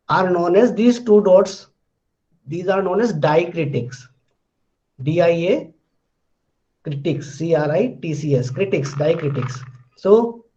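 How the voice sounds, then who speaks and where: A man teaching pronunciation, slowly explaining and repeating example words. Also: sits high, mellow. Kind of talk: slow classroom-style explanation. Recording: dull lo-fi recording.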